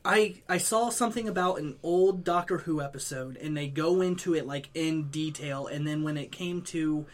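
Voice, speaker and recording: A man's voice: on the high side, moderate pace. A man chatting casually with friends, explaining in detail with enthusiasm. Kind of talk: casual chat.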